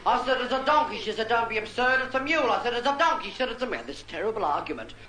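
A man's voice: very high-pitched, animated, racing, sharp tone, exaggerated voice. A man voicing a bawdy, aging showgirl, chatting in camp asides in a stand-up drag comedy act. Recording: roomy club recording with crowd noise.

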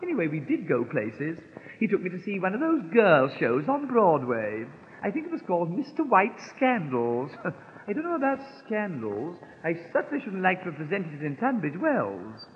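A man's voice: sits high, huge pitch swings, normal speed. A man playing a gushing, affected English society lady on a 1930s comic patter record, drawling and giggling. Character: gushing posh English society lady back from New York. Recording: scratchy 1930s record, tinny and echoey, faint music.

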